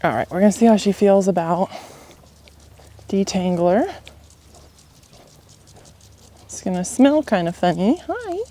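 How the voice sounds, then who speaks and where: A woman softly talking to a young horse as she gentles it, calm and reassuring, often dropping to a whisper. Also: mid-range voice, moderate pace. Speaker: horse trainer in a gentling challenge. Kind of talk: soft-spoken talk to a horse. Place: outdoors at a horse pen.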